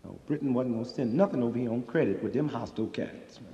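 A man performing a stand-up comedy monologue, talking in animated, profane street slang on a live stage. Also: mid-range voice, fast, slight background noise. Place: live stage before an audience. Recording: dull lo-fi live recording in a reverberant hall.

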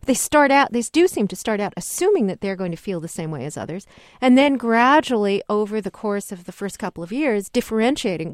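A middle-aged woman, a guest researcher on a radio call-in show, explaining with lively emphasis. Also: mid-range voice, fairly quick, dry recording, studio quality. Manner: animated explainer, acts out voices in quotes. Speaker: guest researcher on child development.

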